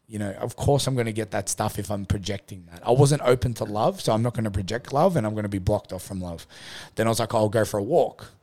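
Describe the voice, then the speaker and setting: Casting: male podcast host, rapid chatty storyteller, animated and profane. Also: fairly low pitch. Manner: animated, swearing, mimics his own thoughts. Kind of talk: casual storytelling chat.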